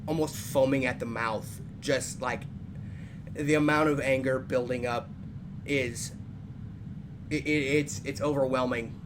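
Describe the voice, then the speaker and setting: Slow, hesitant male player. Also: mid-range voice, steady tone. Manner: hesitant, searching for words. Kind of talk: describing his character's actions. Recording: noisy background.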